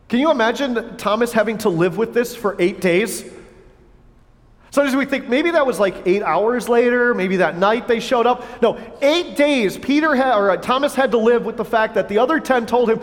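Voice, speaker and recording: Male pastor, very high voice, earnest sermon delivery with rhetorical questions, reverberant church hall. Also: animated, normal speed.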